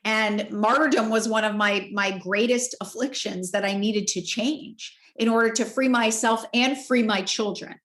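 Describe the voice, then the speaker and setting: Woman, forties, podcast guest, expressive storytelling, higher voice, roomy echo. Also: moderate pace, hardly any pauses. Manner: expressive, candid, emotional storyteller. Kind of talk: personal storytelling in conversation.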